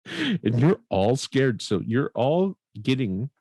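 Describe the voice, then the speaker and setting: A man from Canada co-hosting a podcast, telling a story in a casual, animated way and laughing often. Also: mid-range voice, slow, no room sound, studio quality. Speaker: podcast co-host.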